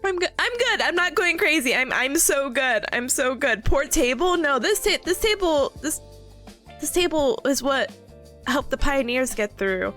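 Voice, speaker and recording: A bright, high-voiced woman chatting casually on her live stream, giggling often and greeting viewers with bubbly warmth. Her pitch leaps around animatedly, with faint music behind her. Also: animated, measured pace.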